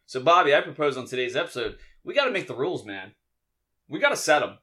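A man co-hosting a podcast, chatting casually in an animated, rambling, jokey way. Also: fairly high pitch, fast talker. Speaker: podcast co-host.

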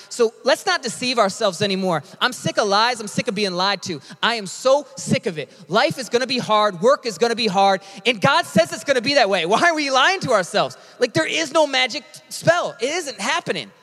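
A high-pitched man preaches a sermon in a casual way, with emphatic, energetic bursts. His voice rings with a long reverb from a large hall. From United States. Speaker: pastor.

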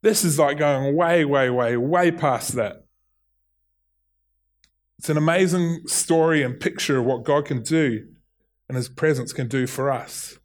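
A man's voice: fairly high pitch, a little slow, long pauses. A middle-aged man with a New Zealand accent preaching a sermon, earnest, often restarting and repeating his words. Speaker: pastor.

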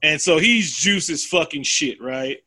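Male co-host, slightly high and bright, dry close sound, rambling profane storyteller. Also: measured pace, dry recording. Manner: animated, profane storytelling with acted quotes. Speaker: podcast co-host. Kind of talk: casual chat, retelling a film plot.

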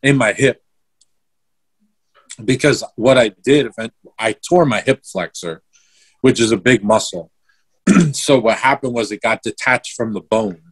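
A man's voice: medium pitch, unhurried, long pauses, husky. A young man telling a story in casual chat, swearing freely and replaying events step by step. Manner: swears a lot, vivid play-by-play retelling.

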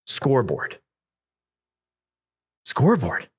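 A man's voice: slow, slightly rough. A man preaching an emphatic, repetitive youth sermon in a church youth room. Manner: emphatic, repetitive preaching that climbs in pitch when excited. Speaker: youth pastor.

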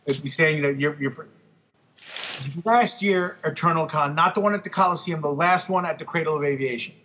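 A man on a casual podcast, telling animated, profane stories about his work as a comic artist. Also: on the high side, brisk, dull audio, slight background noise.

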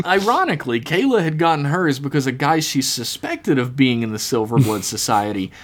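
A man's voice: medium pitch, expressive, a little fast. A man co-hosting a podcast, reading his own horror story aloud dramatically and laughing at his own jokes. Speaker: podcast co-host.

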